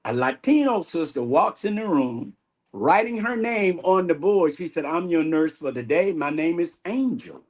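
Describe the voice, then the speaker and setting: A man giving an animated spiritual testimony in an interview, acting out the dialogue he recounts. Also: a little high, moderate pace. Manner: animated storyteller, acts out quoted dialogue. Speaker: guest minister.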